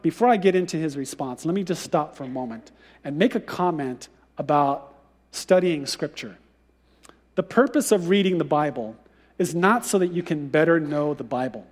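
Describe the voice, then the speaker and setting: A man preaching a sermon as a pastor, retelling a story in an animated, conversational way with casual asides. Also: a little high. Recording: long reverb of a large hall.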